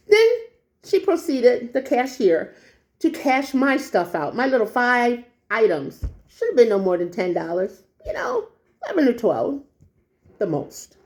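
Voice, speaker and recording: A woman telling a story to her viewers in a chatty, animated way, exclaiming as she goes. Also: fairly high pitch, moderate pace. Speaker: vlogger. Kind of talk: storytelling to camera.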